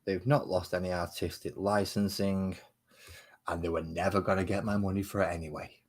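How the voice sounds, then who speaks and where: A low-pitched man with a husky, slightly rough voice talks through a live stream. He banters sarcastically with viewers and mutters to himself between remarks. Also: flat delivery, normal speed. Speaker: streamer painting miniatures. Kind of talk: casual live-stream chat.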